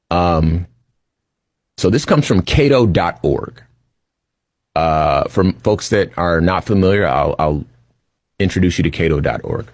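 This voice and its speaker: A man with a very low voice shares data in a relaxed, conversational way, using frequent fillers as he reads passages aloud. The sound is dry and close. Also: no room sound. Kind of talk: casual commentary reading data.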